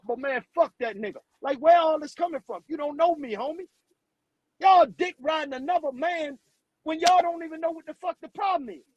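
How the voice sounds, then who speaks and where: Man with a very high voice, live stream host, heated profane rant, dry close sound. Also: no room sound, rough recording. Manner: profane, blunt, repeats words when riled.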